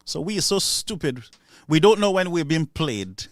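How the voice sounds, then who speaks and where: A man's voice: a little high, sing-song, moderate pace, dry recording. A man with a Saint Lucian accent giving an impassioned political speech, sarcastic and mocking. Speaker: political commentator.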